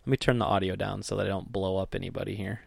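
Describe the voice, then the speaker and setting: A man's voice: low voice, flat delivery, rapid-fire, creaky, dry recording. A man co-hosting a podcast, talking in a casual, rambling way with lots of fillers and jokes. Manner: rambling, filler-heavy, joking. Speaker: podcast co-host. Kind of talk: casual chat.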